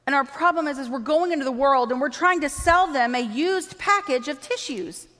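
A woman preaching a sermon, animated and acting out quoted dialogue as she speaks. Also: sits high, moderate pace. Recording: long reverb of a large hall.

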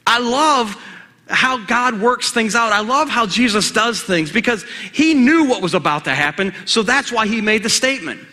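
A man preaching in a lively, conversational sermon style, with a high, bright voice. He throws questions out to the congregation, and his words echo around a large church hall. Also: moderate pace.

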